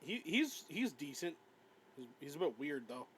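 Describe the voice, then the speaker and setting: A man's voice: on the high side, big pitch swings, normal speed, a bit bright, slight background noise, low-quality recording. A man co-hosting a podcast, chatting about games in a rambling way with frequent stammers and giggles. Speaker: podcast co-host. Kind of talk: casual gaming chat.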